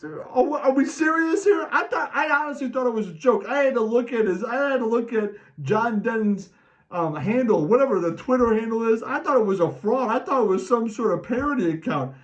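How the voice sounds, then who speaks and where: A middle-aged man hosting a fan rant, animated and talking about himself in the third person. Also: very high-pitched, a little fast. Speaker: podcast host ranting as a sports fan. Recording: distant mic, dull lo-fi sound.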